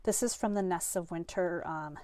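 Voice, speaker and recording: A woman's voice: fairly low pitch, normal speed, dark tone, dry recording. Chatty woman teaching card-making, cold-sniffly. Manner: chatty, upbeat, self-deprecating. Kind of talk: live-stream craft class.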